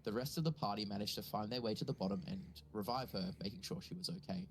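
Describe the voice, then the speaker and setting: Man, lowish voice, session recap, plain even reading, faint background noise. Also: quick pace. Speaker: recap narrator.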